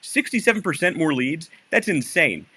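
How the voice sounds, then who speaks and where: Lively, bright-voiced man co-hosting. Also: a little high, moderate pace, breathy edge. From Michigan. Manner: explains and jokes, lively. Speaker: podcast co-host. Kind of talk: casual podcast chat.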